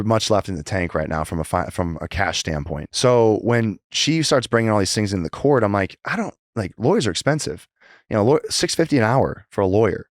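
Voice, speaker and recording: A man's voice: lowish voice, no echo, studio quality. A man in his thirties, a podcast guest, telling his story in a rambling casual way with many restarts. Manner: rambling, frequent restarts, acts out remembered conversations. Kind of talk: casual interview conversation.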